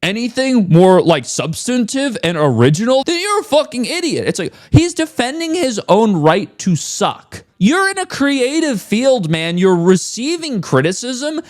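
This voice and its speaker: A man's voice: high voice, no room sound. Guy ranting sarcastic and sweary in a commentary vid, voice all over the place, dry close sound. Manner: sarcastic, profane, scornful. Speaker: commentary host reacting to clips.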